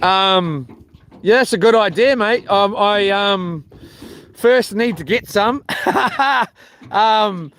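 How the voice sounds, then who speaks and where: A man's voice: high voice, takes it slowly, a bit bright. A man, rambling and joking to his live chat from a small boat while fishing, with lots of ums. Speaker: fishing livestreamer.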